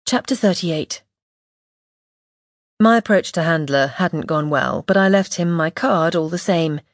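A woman reading a first-person audiobook in a measured, wry, observant way, close to the mic. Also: lowish voice, no room sound. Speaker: audiobook narrator.

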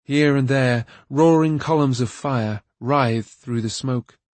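A man narrating a fantasy novel aloud in a steady, even storytelling manner. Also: mid-range voice, takes it slowly, no echo. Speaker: audiobook narrator. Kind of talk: scripted narration.

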